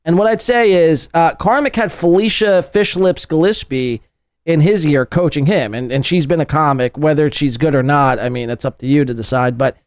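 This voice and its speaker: A man hosting a casual podcast, teasing his guest and swearing freely with quick laughs. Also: a little high, clean tone, no echo. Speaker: podcast host.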